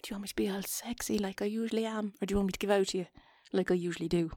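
An Irish woman doing a whispered role-play, soft and breathy, awkward and self-mocking as she keeps stopping to chat. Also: medium pitch, fairly even intonation, very fast, no echo.

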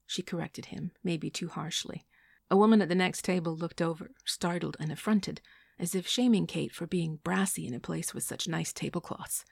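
A woman reading a novel aloud in measured, even scripted narration. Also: on the low side, creaky, husky, no room sound, whispered, studio quality. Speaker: audiobook narrator.

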